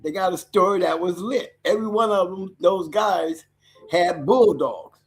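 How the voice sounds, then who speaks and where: A man with a fairly high voice explains his points emphatically in casual talk-show chat, stressing key words. He speaks plainly and directly. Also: a little slow, soft background music.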